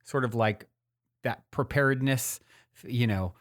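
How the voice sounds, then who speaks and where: A man's voice: mid-range voice, measured pace. Rambling man telling a story. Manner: rambling, many fillers and restarts. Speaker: podcast host. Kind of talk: casual storytelling monologue.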